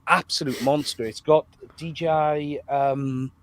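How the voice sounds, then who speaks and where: A man guesting on a podcast, talking in a rambling, self-deprecating way, his voice rough from a cold, over a video call. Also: on the high side, fairly even intonation, measured pace, no echo. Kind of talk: casual podcast chat.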